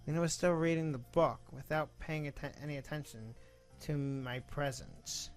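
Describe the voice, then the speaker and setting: A man's voice: on the high side, moderate pace, soft background music. A young man hosting a gaming video, reading a visual novel aloud with self-mocking, rambling asides.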